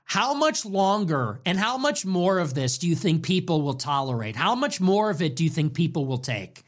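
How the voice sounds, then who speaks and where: Young male host, fiery political rant, lots of rhetorical questions, swings his pitch all over. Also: very animated. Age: young adult. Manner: ranting, rapid-fire rhetorical questions, profane. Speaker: show host. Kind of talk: political monologue.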